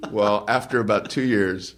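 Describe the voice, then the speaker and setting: A middle-aged man, a stand-up comedian, chatting as a podcast guest and telling animated stories from his stage career. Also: on the low side. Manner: animated storyteller who acts out his old stage bits. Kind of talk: casual podcast chat.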